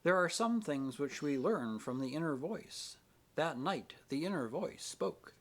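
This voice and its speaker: An earnest, devout young woman pleads softly but firmly, her voice husky and raised, moving through a lively melody. A man voices her in an audiobook reading. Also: a little high, unhurried, voice pushed up. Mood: earnest pleading.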